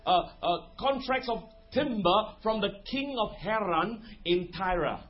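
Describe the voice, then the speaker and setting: A man's voice: high-pitched, lively intonation. Male preacher, short punchy lines paced for an interpreter, a bit lo-fi. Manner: preaching in short phrases, pausing for translation. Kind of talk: sermon with interpreter.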